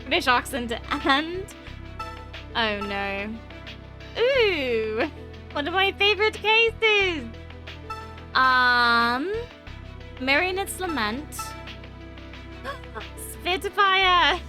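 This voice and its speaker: Young female streamer, gushing commentary, unhurried pace, faint game music behind. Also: high-pitched, very animated, sharp tone. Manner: bubbly, gushing, giggly. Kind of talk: let's play commentary.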